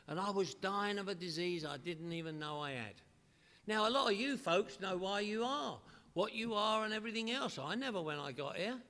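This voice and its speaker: A man's voice: sits high, expressive, normal speed, sharp tone. A middle-aged man with a London accent giving a humorous recovery talk to a meeting, telling his story with comic repetition. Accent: London English. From northwest London. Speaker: AA speaker. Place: meeting hall. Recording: echoey hall reverb.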